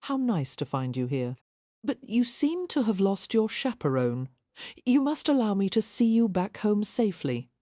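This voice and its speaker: A woman voicing a confident, presumptuous Russian nobleman with a soft Russian accent and a mild, assured manner, in an audiobook. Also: mid-range voice, very animated, normal speed, no room sound, clean studio sound, voice pushed up. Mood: smooth, teasing. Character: Russian prince, smooth, confident, presumptuous man.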